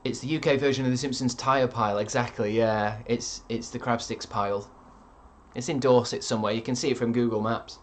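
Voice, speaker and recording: A man in his thirties, a streamer chatting casually and reading out viewer comments in a deadpan, sardonic way with plenty of swearing. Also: mid-range voice, a little fast, a little hiss or hum.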